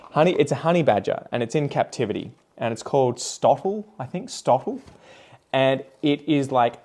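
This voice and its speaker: Casting note: young Aussie man, mid-pitched, loose rambling vlog chatter while he works, casual swearing. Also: a little mellow. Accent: Australian. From Australia. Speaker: plant vlogger. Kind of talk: casual chatty commentary while doing chores.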